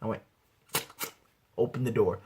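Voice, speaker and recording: A man's voice: lowish voice, steady tone, unhurried, noisy background. A young man telling a comic story to camera in a laid-back, slangy way, full of swearing and acted-out quotes. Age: young adult. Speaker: aspiring comedian.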